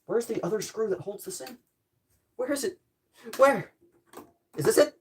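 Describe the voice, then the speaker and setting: A woman's voice: medium pitch, expressive, normal speed, pauses often, a little hiss or hum. A young woman streamer in her bedroom, chatting casually and muttering to herself while she tinkers with a gadget. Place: bedroom at home.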